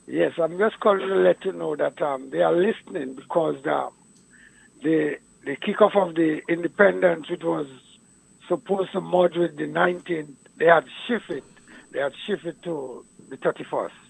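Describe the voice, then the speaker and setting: A man's voice: fairly high pitch, moderate pace, vocal fry, slight background noise, poor audio. A man calling in to a talk radio show, speaking briefly and hesitantly with fillers. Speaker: caller.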